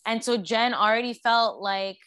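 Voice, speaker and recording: A woman's voice: a little high, moderate pace, fairly bright tone, clear, resonant tone, dry recording. Woman, podcast co-host, casual reality tv chat, backs up her partner, dry recording. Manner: agreeable, chimes in with short backing remarks.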